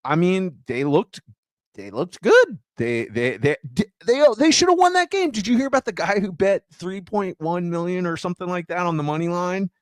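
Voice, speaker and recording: A man chatting casually as co-host of a fantasy football show. He rambles and restarts his sentences often, and his voice is smooth and resonant. The sound is dry and close, with no room in it. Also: sits high, expressive, dry recording. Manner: rambling, halting with many restarts and fillers. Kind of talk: casual chat.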